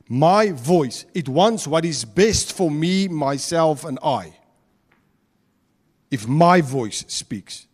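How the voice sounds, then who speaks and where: Man preaching, Afrikaans South African accent, fairly high voice, chatty and joking, long church reverb. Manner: chatty, joking, slips between English and Afrikaans. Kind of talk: conversational sermon. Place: church hall.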